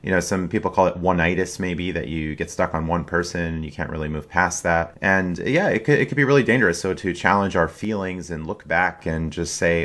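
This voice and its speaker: Male podcast host, very low voice, easygoing and chatty. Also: fairly quick, hardly any pauses. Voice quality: relaxed, uses fillers like "you know" and "like". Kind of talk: casual podcast talk.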